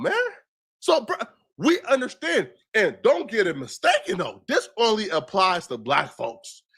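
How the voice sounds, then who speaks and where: Clip commentator: man, high and sharp voice, ranting, preachy and mocking. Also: husky. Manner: preachy, mocking, emphatic rhetorical questions.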